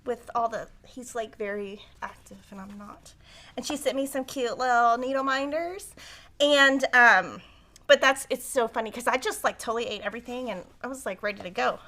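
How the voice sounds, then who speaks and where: A middle-aged woman hosting a quilting livestream in a chatty, excitable way, with lots of "um" and "like" as she talks. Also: fairly high pitch, normal speed. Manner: chatty and excitable, with many "um" and "like" fillers. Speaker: host of a quilt shop livestream. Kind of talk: casual live-stream chat and quilting tutorial.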